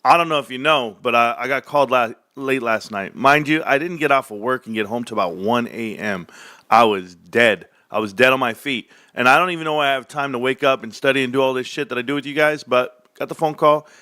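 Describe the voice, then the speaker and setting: A young adult man from the United States, hosting a casual livestream rant, swinging from low mumbles to loud outbursts. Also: brisk, no echo, clean studio sound. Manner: animated, swings from mumbling to near shouting. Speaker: livestream host.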